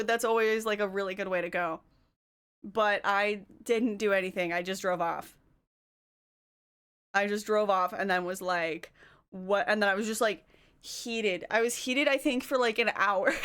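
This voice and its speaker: Woman streamer, casual chat, high resonant voice, lively storyteller. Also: clear, resonant tone. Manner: animated storytelling, voice climbing when worked up. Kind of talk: casual chat with live viewers.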